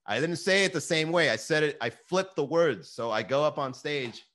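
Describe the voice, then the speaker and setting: A man's voice: a little high, moderate pace. A man hosting his own daily livestream as a comedian, swearing often and reading viewer comments aloud. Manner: animated, swears often, reads chat aloud. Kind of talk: profane casual livestream chat.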